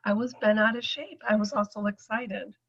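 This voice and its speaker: A woman's voice: mid-range voice, moderate pace, muffled recording. A middle-aged woman giving a chatty personal testimonial to an audience, acting out the voices she quotes.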